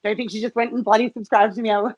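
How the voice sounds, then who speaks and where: A woman's voice: a little high, level tone, quick pace, a little mellow, slightly rough, no room sound, dull audio. An Australian woman chatting casually as an interview guest, giggling often and swearing freely. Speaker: guest, cam model.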